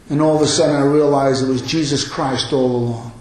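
A man's voice: mid-range voice, fairly even intonation, a little fast, few pauses, a little mellow. A man in his fifties preaching a sermon in a church, earnest and emphatic, driving points home by repeating phrases. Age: 50s. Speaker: pastor. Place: church hall. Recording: very echoey room.

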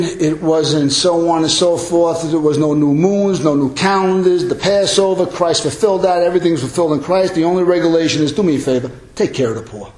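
A man preaching a sermon as pastor, forceful and emphatic, rising sharply on his strong points. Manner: forceful, emphatic preaching with big pitch swings. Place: church. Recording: echoey church hall.

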